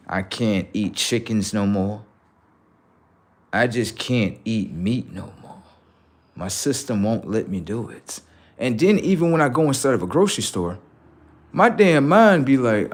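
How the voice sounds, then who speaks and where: A man hosting a livestream, telling casual stories to his viewers in an animated way, swearing freely and acting out voices. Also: fairly low pitch, measured pace, pauses often. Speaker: livestream host.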